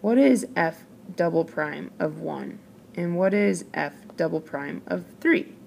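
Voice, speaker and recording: Woman teacher walking thru calculus steps, bit of vocal fry, faint hiss behind. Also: lowish voice, unhurried, a little mellow. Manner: patient, explains step by step. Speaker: math teacher. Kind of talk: calculus lesson narration.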